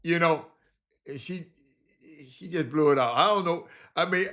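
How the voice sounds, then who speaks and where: A man's voice: on the high side, expressive, moderate pace, creaky, fairly bright tone. A man hosting a casual livestream, talking to viewers in a loose, stop-start way with lots of repeats and slang. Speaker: livestream host. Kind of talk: casual rambling chat to viewers.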